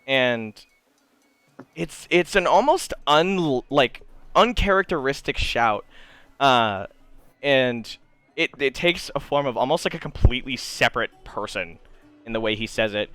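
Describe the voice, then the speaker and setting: A man running a tabletop game, talking easily with lots of fillers and quick laughs. His voice is clear and smooth at a middle pitch. Faint music plays in the background. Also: no echo. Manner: relaxed, many fillers, chuckling. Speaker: game master.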